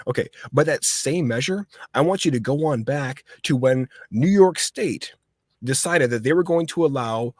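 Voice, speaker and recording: A man's voice: medium pitch, animated, normal speed, no echo, studio quality. A man hosting a casual political livestream chat, talking in a rambling, heated way with many restarts. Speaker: host.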